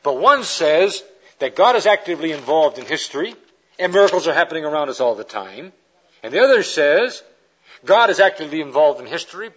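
Male preacher, fairly high husky voice, animated storyteller, dull old recording. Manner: animated storyteller acting out quoted characters. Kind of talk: lecture-style sermon with illustrations.

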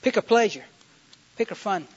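Folksy high-voiced preacher. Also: male voice, lively intonation, normal speed, slightly rough. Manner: folksy storytelling, building to emphatic climaxes. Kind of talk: sermon. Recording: dull lo-fi sound.

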